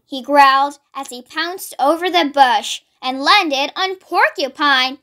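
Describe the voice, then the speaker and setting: Give me a young woman reading a children's picture book aloud, slow and high-pitched. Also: pushed and bright. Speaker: storybook read-along host. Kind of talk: children's read-aloud narration.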